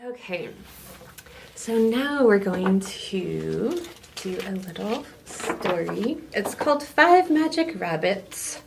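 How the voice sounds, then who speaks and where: Slow, expressive woman reading to kids. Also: on the high side, slight background noise. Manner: expressive, with gasps and sound effects. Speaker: children's story reader. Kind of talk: reading a picture book aloud to children.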